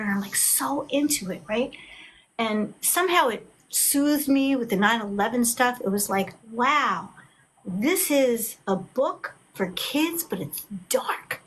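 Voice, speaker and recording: A middle-aged woman, talking as an author guest in a casual video chat. She tells her stories with lively acted-out quotes. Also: on the high side, slow pace, slight background noise. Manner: animated storyteller, acts out quotes.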